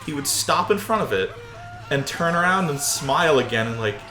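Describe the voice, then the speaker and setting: A man's voice: on the high side, lively intonation, normal speed, reverberant, music in the background, low-quality recording. A young man co-hosting a gaming video, rambling through a funny story and laughing often. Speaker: co-host of a gaming channel. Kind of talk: casual chat over gameplay.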